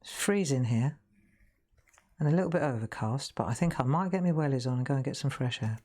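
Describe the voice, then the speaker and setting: Woman, middle-aged, low-pitched, casual rambling chat, laughs often, live craft demo. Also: animated, brisk, dark tone. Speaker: craft demonstrator hosting a live stream.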